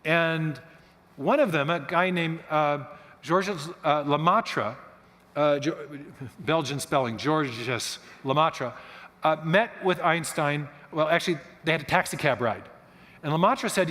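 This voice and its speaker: Guy giving a talk at church, explains stuff like telling a story, fairly high voice, big echoey hall. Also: unhurried. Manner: explanatory, animated storytelling with restarts. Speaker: guest speaker. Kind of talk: lecture-style talk. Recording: long hall reverb.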